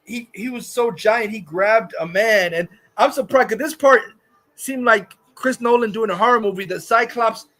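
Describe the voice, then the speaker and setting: A man with a very high, sharp voice rants on a live stream. His talk rambles and restarts, is laced with swearing, and sounds scoffing and exasperated as he picks a movie apart. He talks into a desktop mic. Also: moderate pace, low-quality recording. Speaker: host reviewing a movie. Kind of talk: profane live-stream rant.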